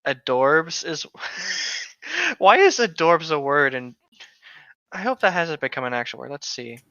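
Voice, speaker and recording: A man's voice: on the high side, very animated, a little slow, sharp tone, dry recording, dull audio. A man reading story posts aloud and rambling jokingly on a casual podcast. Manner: rambling, joking, laughs a lot. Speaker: co-host reading stories.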